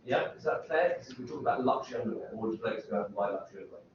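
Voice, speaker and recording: A man with a lowish voice lectures rapid-fire to university students, meandering, breaking off mid-thought, and asking lots of rhetorical questions. The lecture room recording is distant, echoey, and dull, with background noise.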